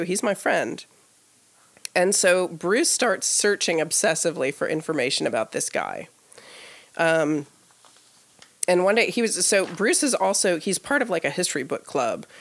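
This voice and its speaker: Gravelly lower-voiced woman telling a story. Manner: animated, laughing, lots of "like" fillers, acts out quoted dialogue. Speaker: podcast co-host. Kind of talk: casual storytelling. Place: live podcast taping before an audience.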